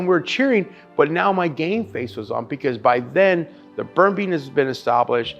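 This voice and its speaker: A man's voice: a little high, expressive, moderate pace, creaky, few pauses, fairly bright tone, highs cut off, faint music behind. A man, a barbecue pitmaster and chef, telling his story in a casual interview with emphatic, profane talk. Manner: emphatic and profane, calls the listener dude and bro.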